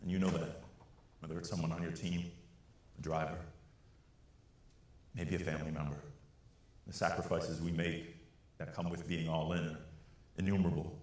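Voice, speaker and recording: A man giving a storytelling keynote speech, animated and acting out the voices of the people he quotes. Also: rumbling low, normal speed, pauses often. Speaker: keynote speaker. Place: large conference hall. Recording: echoey hall.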